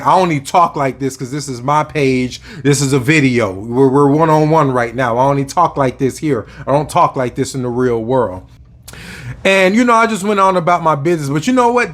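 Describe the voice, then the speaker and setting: Profane man venting to camera. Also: a little high. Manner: casual, profane, rambling with fillers. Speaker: spiritual vlogger.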